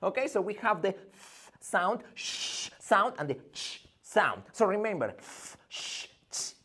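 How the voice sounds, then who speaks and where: A male English teacher giving an energetic pronunciation lesson, theatrical and drilling sounds over and over. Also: high-pitched, a little slow, husky.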